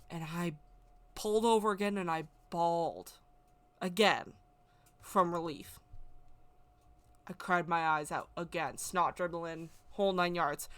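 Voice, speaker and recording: A woman tells a personal story in a loose, emotional, rambling way. Her voice sits a little low, and she circles back over the same words as she talks. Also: bright, forceful tone, clear, resonant tone. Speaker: spiritual vlogger.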